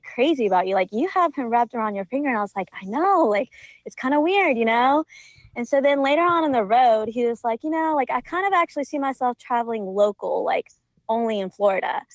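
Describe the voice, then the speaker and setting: On a podcast, a Georgia-born young woman chats her way through a story, peppering it with fillers and frequent laughter. Her voice is a little high, and the audio, though free of echo, is poor.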